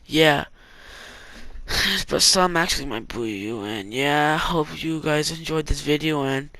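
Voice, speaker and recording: A man's voice: fairly high pitch, slow, bright, forceful tone, no room sound. A young man from California telling a rambling story about an online threat, loose and full of fillers and slang. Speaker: gaming vlogger. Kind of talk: casual story-time vlog.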